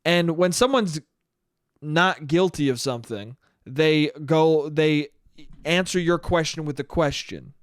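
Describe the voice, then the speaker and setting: Profane, animated podcast host, smooth voice. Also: male voice, a little high, slow, no room sound, studio quality. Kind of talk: casual solo podcast monologue.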